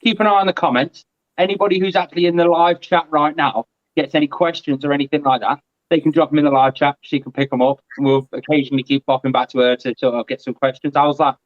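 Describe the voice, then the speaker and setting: A man talks in a lively, chatty way, his voice sitting a little high. He is on a video call, and the sound comes through muffled and lo-fi with no room echo. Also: fast. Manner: chatty and animated. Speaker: guest. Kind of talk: casual live-stream chat.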